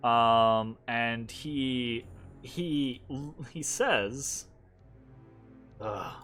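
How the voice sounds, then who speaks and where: A man's voice: mid-range voice, slow, fairly bright tone. A man narrating as game master in a tabletop game, loose and casual, checking in with his players often. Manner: loose, filler-heavy, checks in with "right?". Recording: faint background music.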